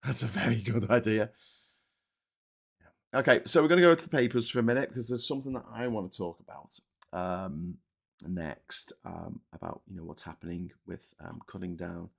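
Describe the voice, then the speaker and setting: Blunt, rambling livestream host. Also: male voice, low voice, a little fast, creaky. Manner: rambling and blunt, with frequent swearing and filler words. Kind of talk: casual livestream commentary reading chat.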